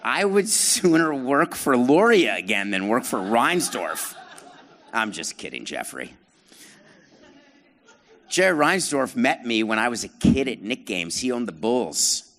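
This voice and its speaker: A man's voice: medium pitch, big pitch swings, measured pace, a bit bright. A middle-aged man works a live theater crowd as a podcast host, trading on sarcasm and cheerful self-mockery. He teases the audience between stories and keeps an ordinary, mid-range speaking voice. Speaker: podcast host and former baseball team president. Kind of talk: live on-stage storytelling to an audience.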